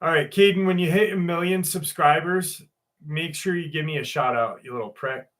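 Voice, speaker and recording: A man's voice: on the high side, normal speed, fairly bright tone. A man hosting a casual live stream, joking and swearing as he greets viewers by name and reads a story aloud.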